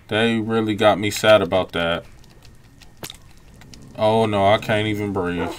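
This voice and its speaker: A young man giving relaxed, reactive commentary over his own gameplay, breaking into quick exclamations. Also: on the low side, clean tone. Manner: laid-back, reactive, frequent exclamations. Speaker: gaming channel host. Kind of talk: let's-play gameplay commentary.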